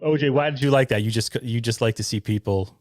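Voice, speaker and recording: A man hosting a casual podcast, reading out chat comments in a halting, rambling way. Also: mid-range voice, a little mellow. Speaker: podcast host.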